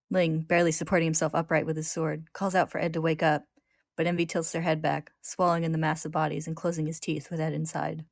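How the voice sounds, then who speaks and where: A woman hosting, narrating a story recap in a steady, descriptive way. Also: deep voice, fast, gravelly, no echo, studio quality.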